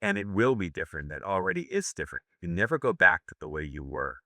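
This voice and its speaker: A man's voice: sits low, big pitch swings, quick pace, sharp tone, no room sound, clean studio sound. An older American man giving a live seminar lecture, brash and profane, joking with his audience. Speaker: seminar instructor.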